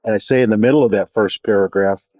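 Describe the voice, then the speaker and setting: A man teaching a Bible study in a measured, reflective way, pausing and restarting as he explains. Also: fairly low pitch, a little mellow, dry recording.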